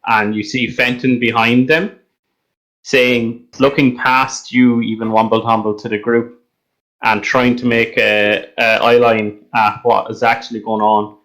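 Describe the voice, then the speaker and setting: A man running a tabletop game as dungeon master, narrating the scene in steady description with frequent ums and uhs. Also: medium pitch, measured pace, poor audio.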